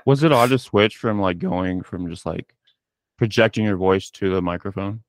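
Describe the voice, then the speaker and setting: A man's voice: sits low, moderate pace, no room sound. A man hosting a podcast, asking thoughtful questions full of fillers in a casual chat. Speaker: podcast host. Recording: dry, muffled mic.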